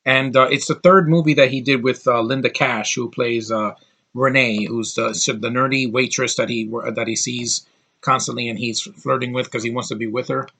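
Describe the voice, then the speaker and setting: A man's voice: mid-range voice, fairly even intonation, moderate pace, gravelly, sharp tone, breathy edge. A man giving a casual, rambling movie review, with lots of fillers and restarts.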